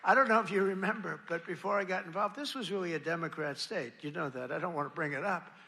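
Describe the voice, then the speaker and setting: Speaking quickly with vocal fry, this man has a highish, bright and forceful voice. He's a political speaker addressing a large rally from a podium mic, boasting, rambling and repeating himself.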